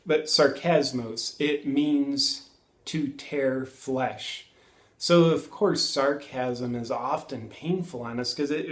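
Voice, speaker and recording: A man in his thirties hosting a reflective self-help monologue, earnest and musing, pausing and correcting himself as he thinks aloud. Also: mid-range voice, echoey room. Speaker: self-help video host.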